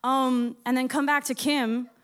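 A young woman from Florida, a musician telling a lively, rambling story on stage with laughs and swearing. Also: high-pitched, unhurried, clean tone. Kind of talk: live storytelling to an audience.

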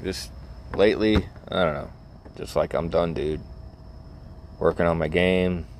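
A middle-aged man talks in a very deep, low voice, rambling bluntly and cynically with plenty of fillers and the odd curse. He records a casual vlog from inside a vehicle. A faint hum of the road sits behind him. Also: fairly even intonation, a little slow. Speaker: vlogger.

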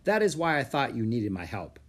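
A man voicing a kindly old male poet who speaks in a gentle, formal way. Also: medium pitch, sing-song, brisk.

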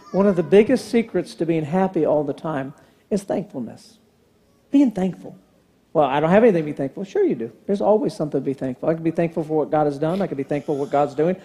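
Pastor type, man with a high voice, preaching with lively, chatty emphasis. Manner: animated, conversational preaching with rhetorical questions. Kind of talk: sermon.

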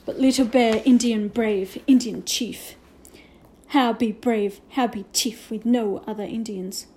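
A woman's voice: fairly high pitch, fairly even intonation, unhurried, warm tone, a little hiss or hum, natural voice, low-quality recording. A woman voicing a proud, blunt tiny warrior chief who speaks in clipped, broken English in a storybook reading. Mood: solemn.

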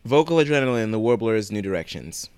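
A man's voice: on the low side, fairly quick, smooth, no echo. Profane, ranting podcast man, dry sound. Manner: animated and profane, with sarcastic rants. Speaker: podcast co-host. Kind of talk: casual chat.

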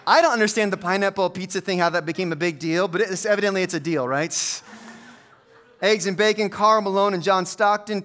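A man's voice: sits high, fairly bright tone, clear, resonant tone. A middle-aged male pastor giving a conversational, humorous sermon full of stories. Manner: conversational, humorous storytelling preacher.

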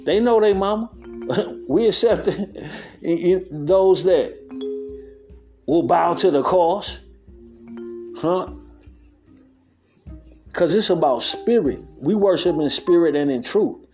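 Male podcast host, slightly higher voice, casual street talk, quick laughs, faint music bed. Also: lively intonation, darkish tone. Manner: street-talking, laughs often, acts out quotes. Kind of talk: loose spiritual monologue.

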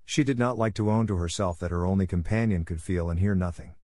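A man narrating a classic novel as an audiobook, steady and even. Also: low-pitched, quick pace, dry recording, clean studio sound.

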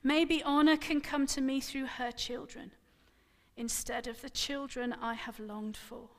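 A woman's voice: fairly even intonation, unhurried, big-room sound. A woman voicing a bitter, anguished older woman who has no children, in a dramatic scripted reading of a sermon passage. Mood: pleading. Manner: pleading, high-strung.

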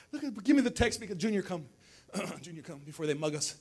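A male pastor with a high, sing-song voice that's a little mellow and husky preaches at normal speed. During the church service, his lively sermon draws call-and-response as he questions the congregation and repeats phrases.

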